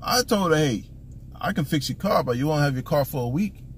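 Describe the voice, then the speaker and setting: A man's voice: on the high side, animated, a little fast, a little hiss or hum. A man telling a story as a casual, profane rant in a car, exasperated and acting out the back-and-forth dialogue. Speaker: vlogger.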